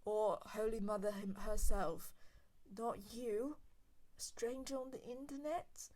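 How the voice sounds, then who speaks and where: A woman's voice: on the high side, takes it slowly, a little mellow. A woman hosting a casual solo talk show, ranting in an exasperated way and dropping to whispers for emphasis, recorded on a handheld recorder. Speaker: podcast host.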